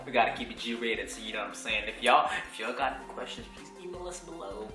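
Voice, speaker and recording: A man's voice: mid-range voice, expressive, quick pace, sharp tone, faint music behind. A young man in his twenties co-hosting a couples vlog, talking in a laid-back, slangy way. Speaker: vlog co-host. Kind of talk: casual chat. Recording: echoey room, mic at a distance.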